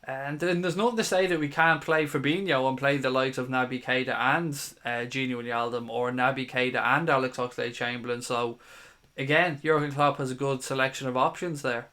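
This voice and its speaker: A man's voice: mid-range voice, fairly even intonation, fairly quick, pushed and bright. A man in his thirties hosting a live stream, casually reading viewer comments aloud in a chatty, matey way and swearing now and then. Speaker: fan channel host.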